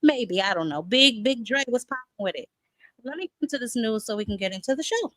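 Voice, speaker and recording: A woman's voice: a little high, lively intonation, brisk, fairly bright tone, no room sound, poor audio. A woman hosting a boxing talk show in a casual live-stream chat, sassy and chatty, calling viewers "honey" and "child" and greeting them by name.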